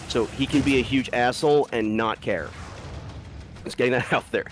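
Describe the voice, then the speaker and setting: A man's voice: mid-range voice, normal speed, slight background noise. Laughing, rambling man telling a story. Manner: rambling, swears freely, often breaks into laughter. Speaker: streamer telling a story to friends. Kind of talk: casual storytelling chat.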